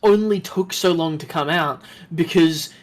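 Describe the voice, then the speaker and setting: A man's voice: fairly high pitch, a little slow. Rambling Australian man co-streamer. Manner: rambling, many fillers. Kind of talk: casual chat on a game stream.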